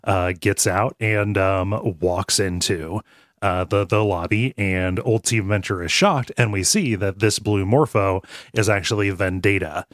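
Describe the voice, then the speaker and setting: A man's voice: deep voice, fairly even intonation, unhurried, no room sound, studio quality. A man co-hosting a podcast, chatting casually about an episode, often stammering on restarts and giggling. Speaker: podcast co-host. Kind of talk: casual chat recapping an episode.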